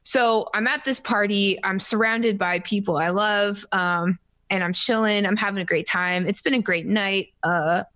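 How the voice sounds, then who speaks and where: A young woman from Canada chats casually on a podcast, rambling through a story and poking fun at herself. She recorded up close in a dry room. Her voice sits at a middle pitch. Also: steady tone, moderate pace, a bit bright, no room sound. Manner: rambling, self-deprecating, acts out quotes. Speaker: podcast co-host.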